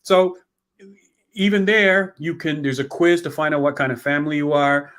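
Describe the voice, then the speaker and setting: A man's voice: fairly high pitch, normal speed, fairly bright tone. A man, a guest author in a conversational interview, who rambles, restarts often and acts out complaining heirs. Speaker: author and guest on estate planning.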